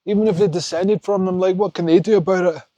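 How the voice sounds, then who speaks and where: A man's voice: sits high, fairly even intonation, quick pace, mellow, no room sound. A young Scottish man chatting as he hikes outdoors in the mountains, rambling and opinionated. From Scotland. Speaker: hiking vlogger. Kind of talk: casual vlog chat on a walk.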